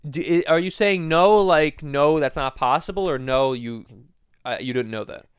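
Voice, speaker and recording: A man's voice: on the high side, normal speed, clear, resonant tone, no room sound. A young man teasing his grandmother in casual chat, exasperated and swearing freely.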